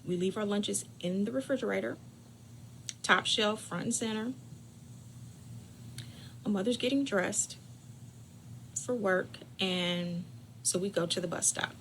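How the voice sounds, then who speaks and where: A woman telling a family story to her audience in a bright, forceful voice. She talks straight to her listeners, plays up the drama, and sometimes sinks to a whisper for effect. A faint hum sits behind her. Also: medium pitch, a little slow, long pauses. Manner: lively, dramatic storyteller who drops to whispers for suspense; chatty, addresses listeners directly. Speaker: caregiving channel host. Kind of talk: personal storytelling.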